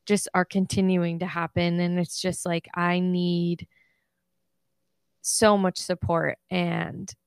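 A woman's voice: lowish voice, gravelly, clean tone, no room sound. A young woman co-hosting a podcast, talking in a rambling, earnest way with lots of "like". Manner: rambling, earnest, heavy use of "like". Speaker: podcast co-host. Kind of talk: casual chat.

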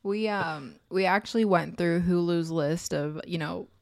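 A woman, chatting and complaining animatedly as a podcast co-host. Her voice is a little low, and the sound is dry with no room echo. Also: a little slow, gravelly. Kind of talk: casual chat.

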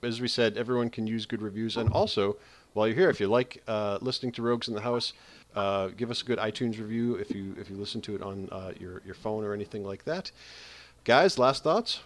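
A man hosting a podcast, talking in a loose, halting way with many fillers. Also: fairly low pitch. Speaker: podcast host.

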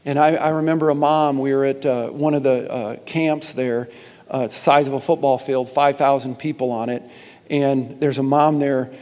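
A man preaching as pastor to his congregation, impassioned, repeating words and rising to loud emphasis. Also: mid-range voice, steady tone, moderate pace. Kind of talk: sermon announcements to a congregation. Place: large church sanctuary. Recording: long hall reverb.

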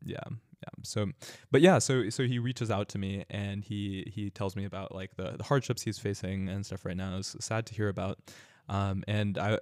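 Young Californian man, casual storyteller, lowish voice, dry close mic. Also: moderate pace, no room sound. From California, United States. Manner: relaxed, chatty, frequent fillers and laughter.

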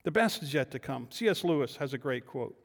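A man, the lead pastor, preaching a sermon, building from quiet reflection to loud emphatic declarations with rhetorical questions. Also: medium pitch, animated, a little fast, long reverb tail. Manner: rhetorical questions answered in turn. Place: church sanctuary.

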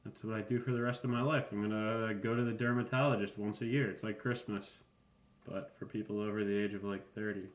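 A man in his thirties, a podcast host rambling through a casual comedic monologue with a deadpan, offhand manner and profane asides. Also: fairly low pitch, fairly quick, roomy sound. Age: 30s.

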